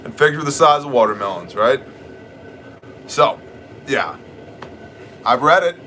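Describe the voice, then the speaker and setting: A man in middle age hosts a live stream with a bright, forceful voice. He talks in a blunt, joking, rambling way, with faint noise in the background. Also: medium pitch, very animated, unhurried. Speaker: livestream host answering chat questions. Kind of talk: casual live chat.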